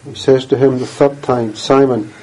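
A man reading scripture aloud and then preaching, in a measured, earnest way, often clearing his throat. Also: medium pitch, fairly even intonation, warm tone, a little hiss or hum, low-quality recording.

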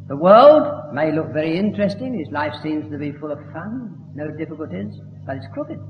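A man's voice: on the high side, slight background noise. A man preaching a sermon, emphatic and building to fervent declamation. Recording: echoey hall, dull lo-fi sound.

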